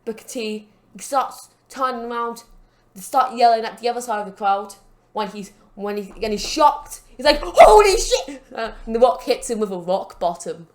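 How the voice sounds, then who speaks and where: A woman's voice: a little high, normal speed. A woman hosting a gaming channel, casually narrating matches and rambling with jokes and plugs. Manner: rambling, joking, self-promoting. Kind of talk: casual game commentary. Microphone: desk mic with a broken stand.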